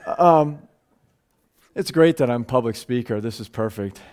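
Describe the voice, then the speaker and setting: A man's voice: mid-range voice, animated, a little slow, a little mellow. A man preaching a live sermon to a gathering, earnest, often stumbling over words and restarting phrases, his voice rising and speeding up when he stresses a point.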